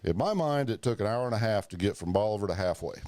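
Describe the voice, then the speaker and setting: This man has a somewhat low voice. He hosts a laid-back podcast and tells stories full of swearing, jumping into the voices of the people he quotes as he goes. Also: fast. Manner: profane, animated storyteller acting out quoted voices. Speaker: podcast host. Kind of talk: casual storytelling chat.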